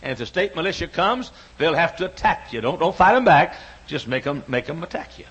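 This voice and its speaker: A man in his sixties preaching a sermon, building repeated phrases up into shouts. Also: on the high side, lively intonation, a little fast, breathy edge. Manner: rhythmic repetition, rising to shouts. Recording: dull lo-fi sound.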